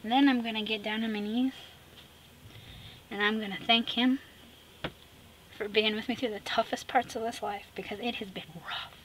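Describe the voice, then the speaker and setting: A woman vlogging as she makes an art collage. She chats casually and sassily, talks to herself as she works, and often drops into soft whispers. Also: on the high side, normal speed, long pauses, rough recording. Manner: chatty, drifting into soft whispers; sassy, talks to herself while working. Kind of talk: casual chat while crafting. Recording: steady background noise with clicks.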